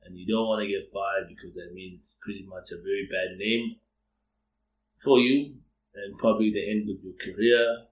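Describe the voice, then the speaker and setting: A man acting out a stern male manager who lectures in a low, flat tone. His voice sits low, and the room echoes around it. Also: moderate pace, phone-quality sound, natural voice. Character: stern male manager pressing an employee to resign. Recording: roomy echo.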